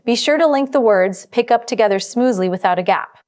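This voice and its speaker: A woman narrating a scripted test-prep lesson as the instructor, in a measured, instructive way. She records as a studio voice-over. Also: on the high side, expressive, darkish tone.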